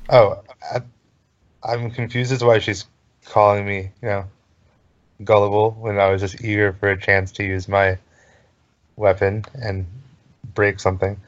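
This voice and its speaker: A man's voice: fairly low pitch, little pitch movement, a little slow, pauses often. A man playing a tabletop game over voice chat, speaking for his character in a laid-back, rambling way. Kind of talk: casual role-play over voice chat. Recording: dull lo-fi voice chat.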